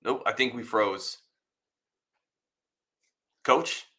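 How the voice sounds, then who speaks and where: Bright-voiced polite podcast host. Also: male voice, mid-range voice, drawn-out words. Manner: polite, effusive thanks. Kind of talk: interview questions.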